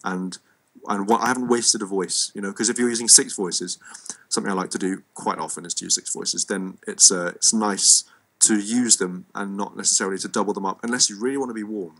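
Gravelly English man with a cold. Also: lowish voice, fairly even intonation, a little fast, fairly bright tone. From England. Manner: rambling, playful asides, frequent ums. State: has a cold. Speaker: musician teaching a class. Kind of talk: online music lesson.

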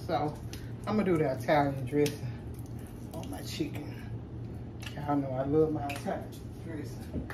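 Her voice is deep, at normal speed with frequent pauses, as she chats with viewers while cooking in her home kitchen. The chatty vlogger addresses them as "y'all." A far-off mic captures reverberant sound and a noisy kitchen.

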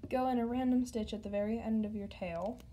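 A woman walking the viewer step by step through a craft tutorial, speaking chattily straight to them, stumbling over words now and then, her voice slightly hoarse. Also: fairly high pitch, fairly even intonation, fairly quick, warm tone, a little hiss or hum.

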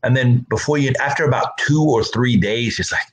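A man's voice: mid-range voice, fairly quick, slight background noise, low-quality recording. A middle-aged man pastor giving a casual Bible talk, conversational, often repeating words and acting out the people he quotes.

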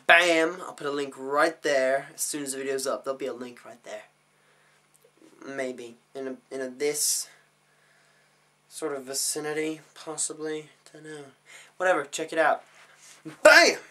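A man's voice: medium pitch, fairly even intonation, normal speed, pauses often. Goofy young man rambling to camera. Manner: goofy, jumps between mumbles and sudden shouts. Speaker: vlogger. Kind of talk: random comedic vlog talk.

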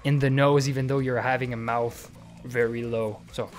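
Brief: young man, casual tutorial talk, mid pitch, faint music behind. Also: little pitch movement, normal speed. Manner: explains with many fillers and "okay?" check-ins. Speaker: vocal tutorial creator.

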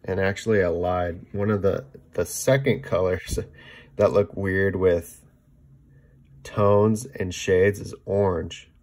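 A man giving a casual painting demonstration, chatting as he mixes paint, often checking in with "okay?" and trailing off softly mid-task. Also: low voice, fairly even intonation, takes it slowly. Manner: talks while mixing paint, trailing off softly. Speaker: painting instructor.

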